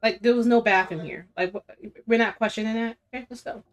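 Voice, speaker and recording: A woman's voice: fairly high pitch, fairly even intonation, a little fast. Chatty woman gamer talking to viewers. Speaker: gaming streamer. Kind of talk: casual gameplay commentary.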